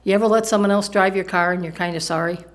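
A woman's voice: mid-range voice, fairly even intonation, quick pace. A woman preaching a sermon in a conversational way, often asking the congregation questions.

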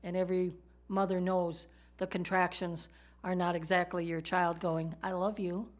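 A woman's voice: lowish voice, completely flat delivery, normal speed. A woman teaching a sermon in a conversational way, asking her listeners rhetorical questions. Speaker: Bible teacher.

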